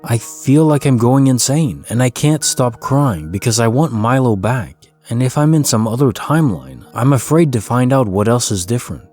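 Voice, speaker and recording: A man reading stories aloud in a calm, soothing, scripted way, like sleep-story narration. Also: mid-range voice, moderate pace, hardly any pauses. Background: faint background music.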